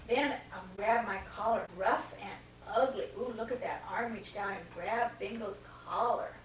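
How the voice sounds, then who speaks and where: A woman's voice: medium pitch, moderate pace, slight background noise. An older woman reads a storybook aloud to a small child, stopping to comment and ask him questions. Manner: breaks off to comment and quiz the child. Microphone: camcorder mic across the room. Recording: old VHS home video, roomy and distant.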